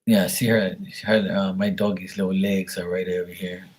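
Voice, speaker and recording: A man's voice: low voice, level tone, moderate pace, darkish tone, breathy edge. A man chatting casually to his viewers by name on a late-night livestream, rambling and teasing. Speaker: livestream host reading paid questions.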